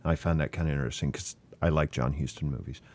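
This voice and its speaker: A man with a very low, deep voice moderates a casual movie podcast, easygoing and loose. He moves things along, tallying votes and reading out trivia. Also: fairly even intonation, fast, darkish tone. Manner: easygoing, runs the votes, reads out fun facts. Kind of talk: casual film discussion.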